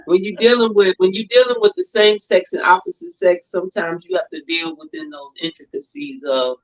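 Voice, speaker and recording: A woman's voice: fairly low pitch, steady tone, a little fast. Woman guest with a muffled sound. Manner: explanatory, repeats phrases as she builds a point. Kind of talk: casual talk show chat.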